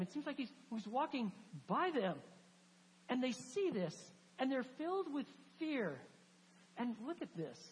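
Woman preaching in a reverberant hall. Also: a little high. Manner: animated, emphatic storytelling with scripture readings. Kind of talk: sermon. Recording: hall reverb with faint hum.

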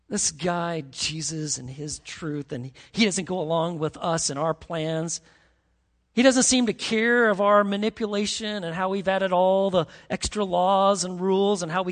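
A man preaching a sermon as pastor, emphatic and animated, reading scripture dramatically. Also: high voice, big-room sound.

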